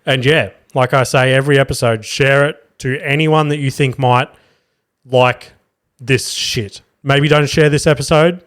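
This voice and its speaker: Sweary, low-energy podcast host. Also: male voice, fairly even intonation, a little slow, a bit bright. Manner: loose, sweary, rambling. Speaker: podcast host and stand-up comic. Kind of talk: casual podcast sign-off.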